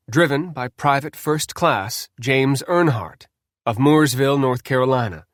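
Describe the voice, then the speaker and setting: Male narrator, measured, deliberate, mid-pitched, dry close recording. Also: no room sound. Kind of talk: scripted narration.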